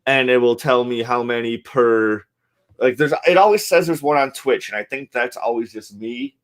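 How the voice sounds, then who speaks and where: A man's voice: medium pitch, moderate pace. A man co-hosting a podcast in loose casual chat, swearing freely.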